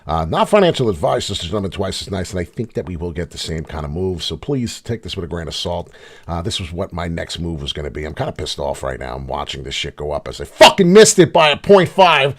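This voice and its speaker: A middle-aged man talks through his trades live in a loose, unscripted way. He swears freely and bounces between loud, exasperated outbursts and low, muttered grumbles. His pitch swings widely from line to line. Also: very animated, fast talker. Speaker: crypto trading channel host. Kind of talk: live casual trading commentary.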